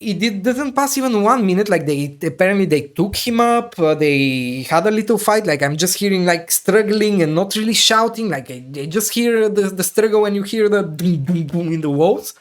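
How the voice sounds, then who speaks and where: A man's voice: high-pitched, normal speed, hardly any pauses. Man telling a story in loose English. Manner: animated retelling with loose, non-native grammar and many fillers. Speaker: podcast host. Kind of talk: personal storytelling monologue.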